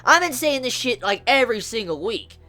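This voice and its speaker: A woman reviewing an animated series episode, gushing with excitement and swearing freely as she talks. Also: fairly high pitch, fairly quick. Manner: gushing, profane, emphatic.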